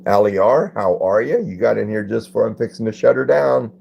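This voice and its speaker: A relaxed man runs a phone livestream, calling out chatters by name and reading comments out loud. He speaks fairly quickly with a fairly low, animated, creaky voice; the highs are cut off and there's a bit of background noise.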